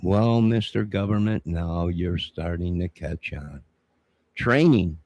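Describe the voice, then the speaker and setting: A man ranting on a live stream, preachy and confrontational, with a gravelly, husky voice. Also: low-pitched, slow pace, darkish tone, no echo. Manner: indignant, preachy, confrontational, keeps saying 'sir'. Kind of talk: rambling live-stream monologue.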